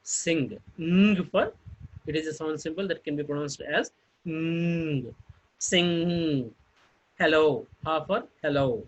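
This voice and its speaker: A man teaching a phonetics lesson, spelling out words letter by letter and pausing often on fillers. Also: on the high side, lively intonation, muffled recording. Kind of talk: phonetics lecture.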